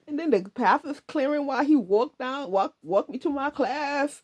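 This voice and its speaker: A middle-aged woman with a high-sitting voice casually recounts a personal story at normal speed. She's animated, laughs often, and acts out lines she once said, quoting herself.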